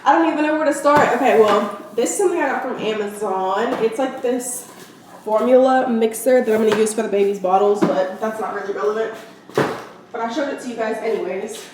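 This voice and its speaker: A woman's voice: on the high side, brisk, distant mic. A young woman, a mother, rambling casually through a shopping haul at home, full of "like", to a camera set down nearby. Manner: chatty and rambling, lots of "like". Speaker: vlogger, mother. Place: at home, indoors. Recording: very echoey room, off-mic, noisy.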